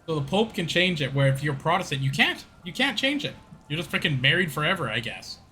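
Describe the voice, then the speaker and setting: A man's voice: fairly high pitch, big pitch swings, a little fast, pushed and bright, slight background noise. A man streaming a game, rambling casually, laughing and mocking himself. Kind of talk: casual gameplay commentary.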